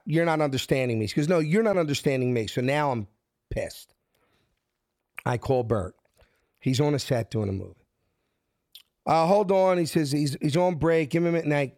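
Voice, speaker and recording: A middle-aged man with a Philadelphia accent tells a story and acts out the other voices as he goes. His voice sits somewhat high and sounds close and dry. He moves quickly between quotes. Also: no room sound. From South Philadelphia. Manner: acts out quotes with shifting pitch, lively and fast. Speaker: guest telling his life story. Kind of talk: animated storytelling.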